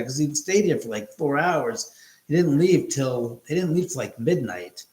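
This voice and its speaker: A man's voice: on the high side, moderate pace, echoey room, poor audio. A man hosting a live stream, chatting casually and telling stories, swearing freely. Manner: animated storyteller, swears freely. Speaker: host.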